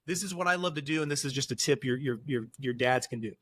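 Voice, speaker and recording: Telling stories on a podcast interview, this middle-aged male counselor talks with earnest emphasis and voices bits of dialogue himself. He has a medium-pitched, fairly bright voice and speaks quickly, with no echo in the recording.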